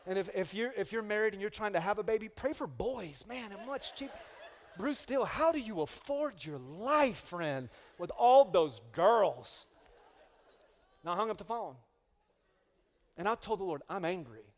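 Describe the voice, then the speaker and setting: This middle-aged pastor speaks at a normal pace in a high voice, preaching a humorous sermon. Animated and comic, he spins stories and calls out to his congregation with rising inflection, all echoing through the long reverb of a big church hall.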